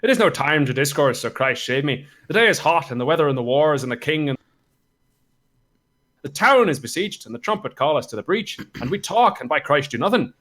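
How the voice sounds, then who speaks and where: A man's voice: on the high side, animated, brisk, a bit bright. A man playing a hot-tempered, cursing army captain in a comic Shakespeare read-through over a voice call. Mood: blustering. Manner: blustering, swearing oaths, stumbling through lines.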